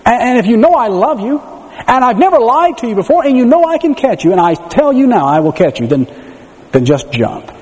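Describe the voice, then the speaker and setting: A man voicing a gentle, loving father who coaxes his little daughter to trust him, in an echoey hall. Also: fairly high pitch, very animated, moderate pace. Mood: reassuring. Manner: coaxing, reassuring.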